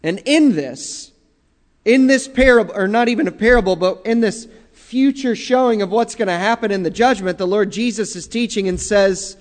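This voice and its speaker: A man preaching a sermon as pastor, slow and emphatic, drawing out key phrases. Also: sits high, big-room sound.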